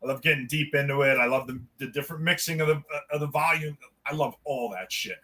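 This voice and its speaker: Animated bright-voiced man telling stories. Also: fairly high pitch, fast talker. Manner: animated storyteller, acts out quotes, swears freely. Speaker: podcast co-host. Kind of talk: casual chat.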